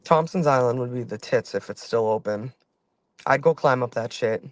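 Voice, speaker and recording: A man's voice: medium pitch, normal speed, no room sound. Rambling, profane man chatting while driving. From Boston. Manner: rambling, profane, full of fillers. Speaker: channel host. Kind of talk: casual driving vlog chat. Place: inside a car in the city.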